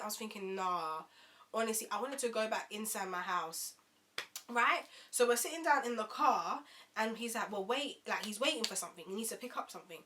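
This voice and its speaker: A young woman tells a storytime to camera. She is animated and chatty, turning often to her viewers. Her voice is bright and sits a little high. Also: slight background noise. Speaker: vlogger.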